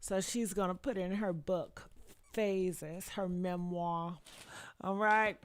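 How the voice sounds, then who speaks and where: A woman hosting a celebrity gossip show, reading out statements and reacting bluntly with profane, sassy asides, swinging from low mutters to loud outbursts. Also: fairly even intonation, slow, smooth, no room sound, clean studio sound. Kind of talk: casual commentary reading statements.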